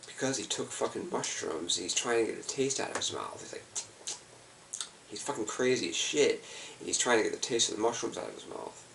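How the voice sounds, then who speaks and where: A man's voice: medium pitch, brisk, gravelly, a bit bright, recorded from a distance, a little hiss or hum. An exhausted man rambling in a loose, profane way, with lots of fillers. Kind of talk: rambling personal video monologue.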